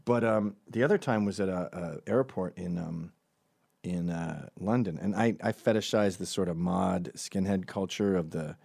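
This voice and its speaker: A man's voice: deep voice, moderate pace, creaky, a little mellow, slightly rough, no room sound, studio quality. A middle-aged man hosting a comedic opinion monologue, sardonic and profane, often mocking people in put-on voices. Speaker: commentary show host.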